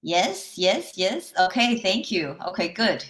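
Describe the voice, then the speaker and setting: A woman's voice: medium pitch, very animated, takes it slowly, a bit bright. A woman life coach giving a live online workshop, telling a personal story in a chatty way, often checking in with listeners and laughing lightly between points.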